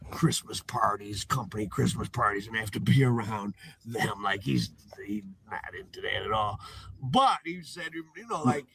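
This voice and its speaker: A man doing commentary in a played video, talking slowly in a meandering, halting way. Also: mid-range voice, vocal fry, pushed and bright, a little hiss or hum.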